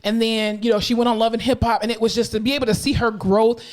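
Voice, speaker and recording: A young woman co-hosting a podcast, chatting casually in a brash, profane, animated way. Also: on the high side, fast. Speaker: podcast co-host. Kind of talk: casual chat.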